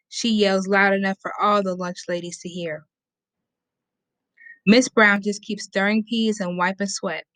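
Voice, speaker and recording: Woman reader, middle pitch, dry close sound, casual first-person narration. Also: steady tone, normal speed, fairly bright tone, clean tone, no room sound. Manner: casual, conversational storytelling. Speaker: audiobook reader.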